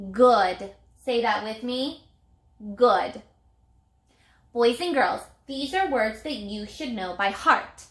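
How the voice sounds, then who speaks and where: A woman teacher giving a reading lesson to young children, speaking clearly and sounding out words in a sing-song way. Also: a little high, a bit bright, reverberant.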